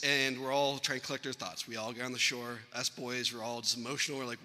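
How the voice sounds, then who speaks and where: Eulogy read: man, very bright tone, rambling and anecdotal, long hall reverb. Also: medium pitch, fast talker, hardly any pauses. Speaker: family member giving a eulogy. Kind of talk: funeral eulogy storytelling. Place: funeral venue hall.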